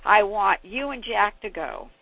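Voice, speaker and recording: A woman's voice: medium pitch, expressive, measured pace, gravelly, no echo. A woman voicing an insistent neighbor lady who pleads and will not take no, in a dull lo-fi recording. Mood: pleading.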